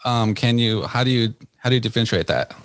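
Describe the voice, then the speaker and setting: A man's voice: mid-range voice, fast talker, fairly bright tone. A man hosting a podcast interview, asking follow-up questions in an enthusiastic way and laughing often. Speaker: podcast host.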